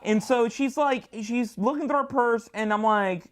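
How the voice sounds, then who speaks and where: A comedian with a voice on the high side tells a story at normal speed as a studio guest. She acts out each side of the conversation, and her jumpy delivery makes big leaps.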